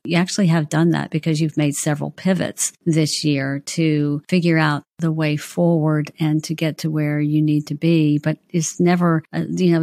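A woman's voice: low-pitched, mellow, no room sound, clean studio sound. A woman interviewing a guest in a casual chat, encouraging her and reacting with laughter and exclamations.

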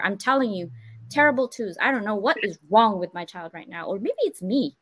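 A woman in her forties hosts a casual live stream, talking in an animated, playful way and laughing often. Her voice sits at an ordinary pitch, and the sound is dry and close, with no room echo. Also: fairly quick. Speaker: host of a live online talk show.

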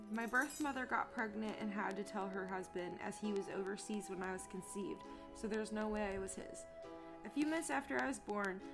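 A young woman co-hosting a podcast in casual chat, reading a post aloud and then swearing indignantly about it. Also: medium pitch. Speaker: podcast co-host.

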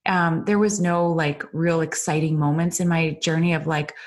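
A woman's voice: low-pitched, normal speed, few pauses. A middle-aged woman hosting her own podcast, talking off the cuff in an earnest, emotional motivational monologue full of fillers and repeated "you guys". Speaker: podcast host and business coach. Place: indoors at a computer. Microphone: computer mic.

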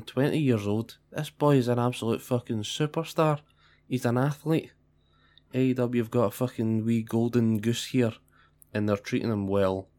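A young man co-hosting a podcast, chatting casually and swearing freely. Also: fairly low pitch. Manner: profane, chatty banter. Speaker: podcast co-host.

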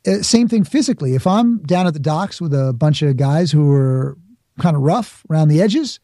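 A man's voice: fairly high pitch, lively intonation, normal speed, warm tone, no room sound, studio quality. A middle-aged man from the Bronx, a podcast guest talking in a reflective, explanatory way. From the Bronx, New York. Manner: reflective, explains with examples and acted-out asides. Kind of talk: conversational interview.

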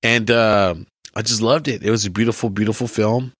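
Slangy young man, low dry voice. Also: steady tone, fairly quick, fairly bright tone, slightly rough, no echo. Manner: slangy, enthusiastic, says bro a lot. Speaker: podcast guest. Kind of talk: casual chat.

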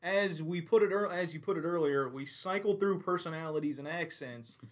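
A young man with a slightly raised voice co-hosting a casual podcast. He jokes crudely and keeps a relaxed, bantering flow. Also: on the high side, moderate pace. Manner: joking, laid-back, crude. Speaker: podcast co-host.

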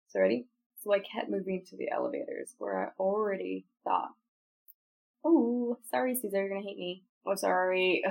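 Gravelly woman podcaster flubbing takes. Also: medium pitch. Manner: laughing, apologetic, keeps restarting lines; breaks off to retry story lines. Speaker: podcast host. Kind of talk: casual podcast outtakes.

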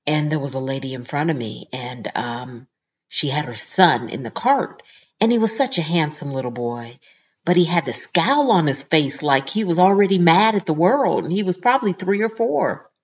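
Woman podcaster, low voice, animated storytelling, kinda muffled lo-fi sound. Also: normal speed, breathy edge. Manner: animated, indignant storytelling with lively quoted voices. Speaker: podcast host. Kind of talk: casual storytelling monologue.

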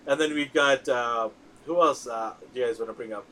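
An excitable man hosting a casual movie chat, rambling along with plenty of fillers and restarts. His voice sits at an ordinary middle pitch. A faint background hiss runs under the talk. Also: brisk, low-quality recording. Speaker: podcast host.

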